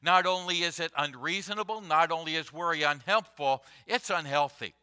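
A man preaching a Sunday sermon as pastor, deliberate and emphatic, repeating key phrases for weight. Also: fairly high pitch, bright, forceful tone, clean tone.

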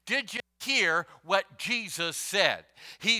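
A man preaching a Sunday sermon as pastor, deliberate and emphatic, repeating key phrases for weight. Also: fairly high pitch, lively intonation, sharp tone.

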